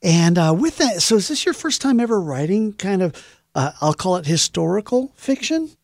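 A friendly morning radio host asks a guest relaxed questions and plugs the show. The voice is close to the microphone in a dry studio with no room sound. The pitch sits in the middle. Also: normal speed, no echo.

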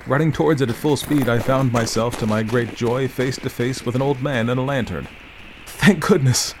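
A man narrating a Victorian ghost story in a measured, dramatic reading style. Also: mid-range voice, noisy background. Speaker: audiobook narrator.

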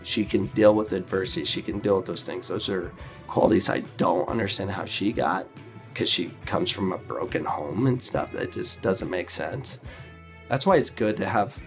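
A middle-aged man, a mentor, recounting a story in an interview with animated acted quotes. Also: sits low. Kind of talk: interview recollection.

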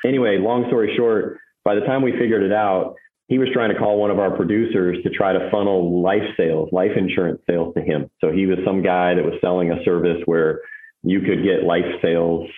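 Man in his 40s, a guest telling a story, low voice on a thin echoey headset line. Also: brisk. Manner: animated storyteller, self-described monotone phone voice. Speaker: agency owner guest. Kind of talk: casual storytelling. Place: home office. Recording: tinny phone-like headset audio, echoey.

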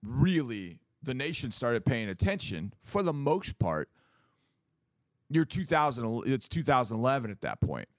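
A middle-aged man co-hosting a sports talk show, making his case in a lively, casual way, often acting out what others would say. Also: medium pitch, measured pace, no echo. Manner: animated, acts out quoted voices, repeats words.

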